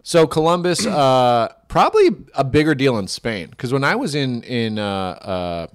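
A man's voice: mid-range voice, very animated, a little slow, clear, resonant tone. A man co-hosting a podcast, making dry, offhand jokes and rambling asides in casual comedic banter. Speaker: podcast co-host.

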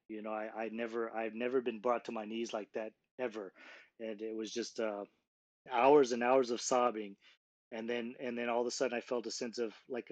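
Earnest halting man sharing a testimony. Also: medium pitch, darkish tone, no room sound. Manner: halting, many restarts and filler words, earnest. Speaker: guest sharing his testimony. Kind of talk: emotional personal testimony, conversational. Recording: slightly dull lo-fi sound.

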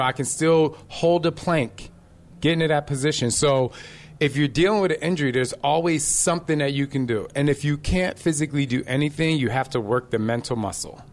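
A middle-aged man, a fitness instructor, chatting casually and energetically, telling stories and acting out quotes. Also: medium pitch. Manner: energetic, animated storyteller who acts out quotes. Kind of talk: casual chat.

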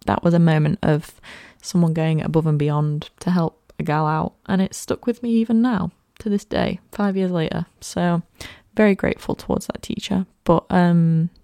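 An early-20s woman hosts a personal podcast, speaking in a low, gravelly voice with a dark tone. She is candid and reflective, chatty, and full of "like" and "you know" fillers. The audio is clean studio sound with no room sound.

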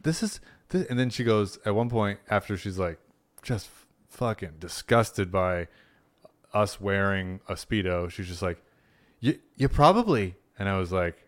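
A young man, a stand-up comedian telling a story in a casual podcast chat. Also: moderate pace. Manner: animated, jumps into high-pitched voices when quoting people.

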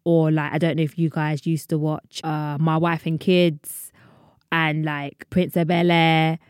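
A woman's voice: low voice, level tone, unhurried, smooth, no echo, studio quality. A woman, hosting her own podcast in a chatty, rambling way and laughing at her own asides. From London, England. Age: 30s. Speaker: podcast host. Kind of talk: casual solo podcast chat.

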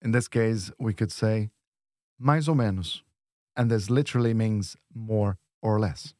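A man teaching on a lesson podcast, modelling words slowly and patiently. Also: fairly low pitch, warm tone, no room sound, clean studio sound. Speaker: language teacher.

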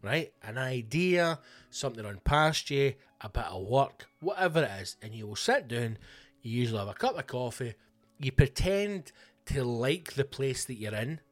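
A man's voice: medium pitch, sing-song, moderate pace, faint music behind. A Scottish man, a comedian and podcast host, telling a blunt, ranting comic story full of swearing. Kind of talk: casual comic storytelling monologue.

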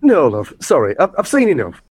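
A man's voice: fairly high pitch, huge pitch swings, fairly quick, breathy edge, exaggerated voice. An actor playing a brusque, dismissive man directing a pantomime.

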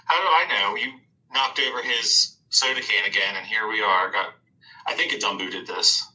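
A man's voice: on the low side, moderate pace, sharp tone, low-quality recording. A man playing a tabletop game, joking sardonically and laughing often. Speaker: player. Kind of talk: tabletop role-play banter.

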